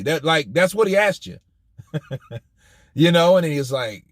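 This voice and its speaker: A man hosting a boxing news channel, talking in an animated, profane way and firing off rhetorical questions. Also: on the high side, normal speed, long pauses, no echo, studio quality. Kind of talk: commentary vlog.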